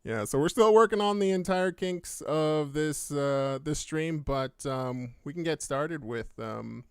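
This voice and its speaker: Laid-back gravelly-voiced man. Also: fairly high pitch, measured pace, no room sound, studio quality. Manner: laid-back, laughs often. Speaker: podcast co-host. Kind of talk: casual live stream chat.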